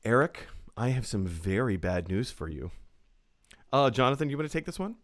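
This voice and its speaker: Lively-voiced chatty male show host. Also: medium pitch, normal speed. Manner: chatty, upbeat, lots of fillers. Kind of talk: casual podcast chat.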